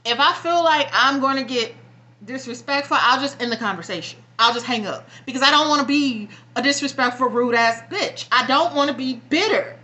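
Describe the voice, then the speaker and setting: Vlogger, young woman: high, bright voice, blunt profane venting, near tears. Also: normal speed. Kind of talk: emotional personal vlog rant.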